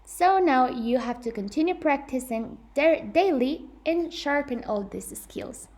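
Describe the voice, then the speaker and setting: Unhurried and lively in intonation, this young woman's high, slightly mellow voice leads a scripted English pronunciation lesson. She stays earnest and careful, frequently correcting herself.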